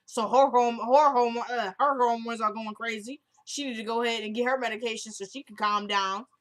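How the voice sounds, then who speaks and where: A woman's voice: on the high side, steady tone, fairly quick, a bit bright. A woman vlogger recapping a TV drama episode in a casual, chatty way, retelling each scene line by line with "she goes" and informal slang.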